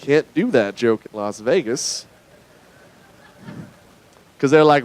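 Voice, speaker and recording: A young man from Nevada doing a stand-up comedy set on a club stage, mostly deadpan with sudden loud bursts. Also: mid-range voice, slow.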